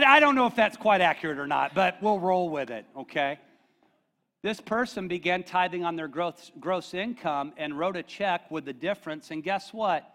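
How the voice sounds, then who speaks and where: A man's voice: a little high, a bit bright. A middle-aged man preaching a conversational sermon as pastor, joking with the congregation and often checking in with "okay?".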